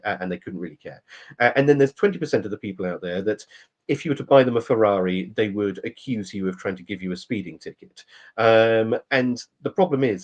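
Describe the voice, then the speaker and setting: A man's voice: mid-range voice, a little mellow, muffled recording. A man co-hosting a casual podcast chat, talking through a point at length with plenty of ums and restarts. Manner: rambling, explanatory, many fillers. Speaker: podcast co-host.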